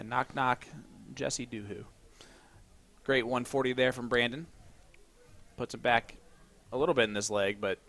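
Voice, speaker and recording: A male play-by-play commentator calling a live darts match from the booth, steady and measured, with dry humor as he reads out the scores. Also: mid-range voice.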